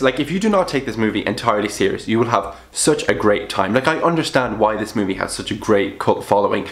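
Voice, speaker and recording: Chatty young man reviewing films, roomy echo. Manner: chatty, with sudden upward pitch jumps for emphasis; blunt, casual swearing. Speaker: film vlogger. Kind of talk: casual film review vlog.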